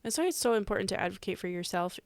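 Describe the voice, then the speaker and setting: A woman co-hosting a podcast, chatting casually and telling stories in a relaxed way. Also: medium pitch, rapid-fire, dry recording. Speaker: podcast co-host. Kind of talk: casual chat.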